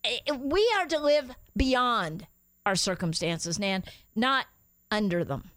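A woman pastor hosting a radio ministry show, praying and preaching in a fervent, drawn-out way. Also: medium pitch, animated, a bit bright, no room sound. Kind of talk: radio ministry talk and prayer. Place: radio studio.

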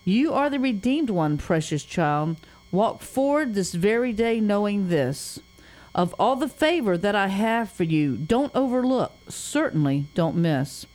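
A woman's voice: mid-range voice, lively intonation, measured pace, a little mellow. A woman reading an inspirational poem aloud on a Christian radio show, in a solemn, tender voice that rises and falls. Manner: solemn, tender reading with rising and falling phrases. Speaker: guest poet.

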